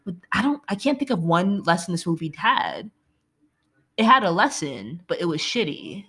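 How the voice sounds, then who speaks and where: A woman's voice: fairly low pitch, very animated, moderate pace, fairly bright tone. A woman ranting casually about a movie she hates, exasperated and swearing freely. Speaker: movie reviewer.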